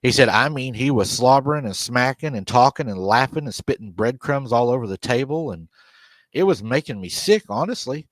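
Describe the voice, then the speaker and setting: Man, storytelling host, laughs often, mid-pitched voice, dry close sound. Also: animated, moderate pace, no echo. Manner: retells a story with quoted dialogue, laughs often. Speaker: podcast host. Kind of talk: casual storytelling on a live stream.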